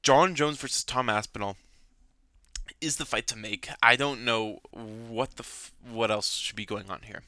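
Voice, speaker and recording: With an unhurried, mid-range voice and a sharp tone, a young man delivers ranting fan commentary as an MMA commentator. He's angry about fights, swears and keeps repeating himself. There is no room sound.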